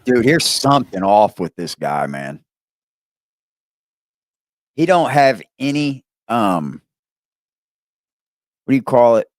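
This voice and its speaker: A man hosting a live reaction stream, talking loudly and profanely in an animated way. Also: medium pitch, slow pace, long pauses, no echo, studio quality.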